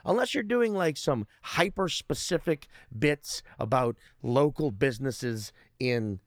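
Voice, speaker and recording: A man's voice: medium pitch, animated, unhurried, no room sound, studio quality. A man, a stand-up comedian, chatting casually as a guest; he rambles, swears often and restarts his sentences. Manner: rambling, profane, many restarts. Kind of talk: casual podcast chat.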